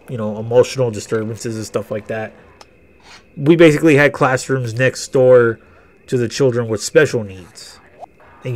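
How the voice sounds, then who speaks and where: A man hosting a casual game walkthrough, rambling through personal stories and swearing a lot. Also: medium pitch. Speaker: gaming video host. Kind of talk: casual let's-play storytelling.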